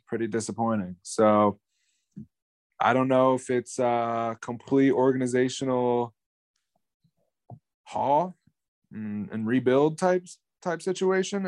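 A man's voice: medium pitch, a little slow, dry recording. A young man co-hosting a casual sports podcast, rambling in a frustrated tone and swearing now and then. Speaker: podcast co-host.

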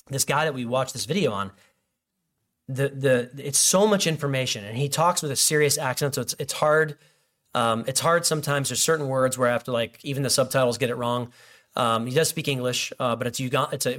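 A man's voice: a little high, fairly bright tone. A man preaching a sermon in a loose, conversational way, with many restarts and fillers. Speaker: pastor.

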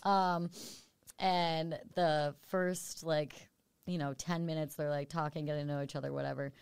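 A young woman hosts a casual podcast, rambling through a story and acting out quoted voices. Her voice sits lower than most women's, recorded close and dry. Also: fairly even intonation, normal speed, creaky, darkish tone, clean tone, no room sound. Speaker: podcast host.

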